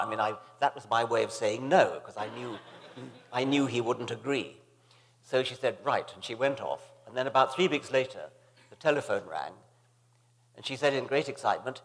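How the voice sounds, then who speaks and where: An older man telling anecdotes as a guest on a stage, halting and dryly humorous, with many restarts. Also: mid-range voice. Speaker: guest author. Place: stage in a large hall, live audience. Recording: reverberant hall with audience.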